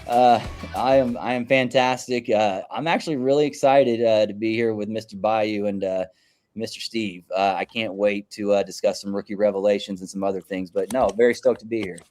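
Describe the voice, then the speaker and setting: A man's voice: fairly low pitch, fairly even intonation, brisk, a little mellow, soft background music. An easygoing man co-hosting a casual podcast, with frequent hesitations. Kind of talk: casual chat.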